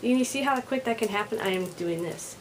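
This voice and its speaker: An overstimulated woman rambles straight to camera in a casual vlog. Her voice sits a little high, pushed louder than usual, and sounds angry and on edge. There is a faint hiss underneath. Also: brisk, low-quality recording. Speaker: vlogger.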